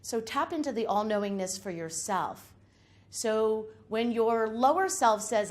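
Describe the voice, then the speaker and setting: A woman's voice: fairly high pitch, lively intonation, measured pace. A woman speaker giving an inspirational talk to a live audience in a room, emphatic and uplifting, building her points through repeated lists. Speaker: public speaker.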